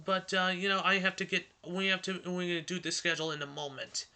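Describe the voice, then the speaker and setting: An excitable male host who rambles in a casual vlog, breaking off and restarting his sentences. His voice sits high and sounds very bright. The tone is smooth and clear. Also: quick pace. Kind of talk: casual vlog and storybook reading.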